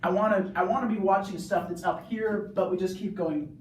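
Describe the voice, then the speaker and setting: A young male student rambling through a casual plot recap, full of "like"s, now and then yelling. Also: high-pitched, fairly even intonation, a little fast, a little hiss or hum. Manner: rambling, many "like"s, bursts of yelling. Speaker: student video reviewer. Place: bathroom. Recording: echoey bathroom, mic far off.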